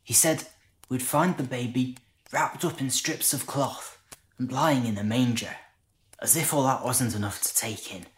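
A male actor with a mid-range, natural voice and measured pace portrays a humble shepherd reflecting on a night beside the fire. He sounds hesitant and full of wonder, yet conversational, and a little hiss or hum sits under the dramatic monologue.

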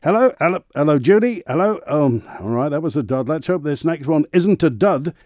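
A man's voice: a little high, animated, fairly quick, a little mellow, no echo, studio quality. A man hosting a spoof radio phone-in show in a chirpy, wry way. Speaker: radio host.

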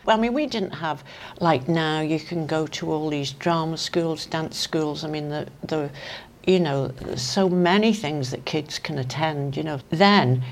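An older woman with a Manx accent recounts old memories in a chatty, storytelling way. Her voice sits low. She talks in loose, lively asides, like a guest chatting easily. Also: measured pace, slight background noise. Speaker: interview guest. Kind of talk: casual reminiscing anecdotes.

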